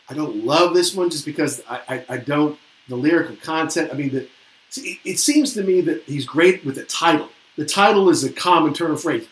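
A man co-hosting a casual album review chat, musing and hesitant, often reading lyrics aloud. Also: a little high. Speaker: podcast co-host reviewing an album. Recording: roomy echo.

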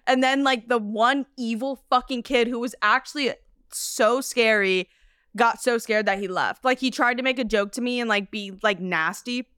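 Young woman, smooth voice, casual podcast storytelling. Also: a little high, normal speed, dry recording, studio quality. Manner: animated storyteller, swearing, acting out quotes. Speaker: podcast co-host. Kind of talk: casual chat.

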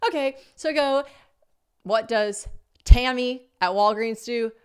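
A woman's voice: a little high, unhurried, clear, resonant tone. A woman in her thirties hosting a podcast, telling a story casually and acting out her own thoughts in exaggerated voices. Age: 30s. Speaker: podcast host.

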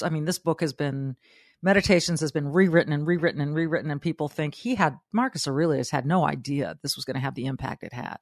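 Woman podcast host, lowish pitch, dry close mic, animated talk with acted-out quotes. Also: no echo. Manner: animated, acts out quotes, laughs often. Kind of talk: motivational monologue.

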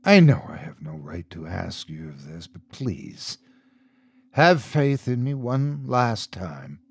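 A man's voice: medium pitch, sing-song, unhurried, dry recording. A man voicing a remorseful, frightened man who claims to be God, confessing and pleading in a horror story.

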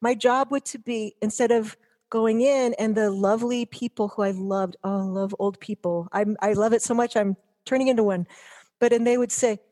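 A woman's voice: fairly high pitch, steady tone, moderate pace, dark tone. A middle-aged woman guest, telling stories in a chatty, rambling way with many restarts. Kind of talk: casual chat.

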